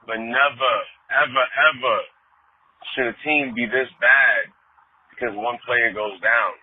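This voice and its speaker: A man in his forties, a caller on a sports talk show, ranting angrily about his team with swearing and loud outbursts. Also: medium pitch, steady tone, measured pace, husky. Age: 40s. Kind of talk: angry sports fan rant. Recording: tinny phone line.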